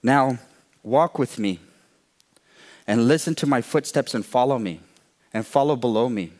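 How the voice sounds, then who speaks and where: A man voicing a calm, wise male wolf in a spoken folk tale, speaking low and steady. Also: a little slow, close to an everyday voice.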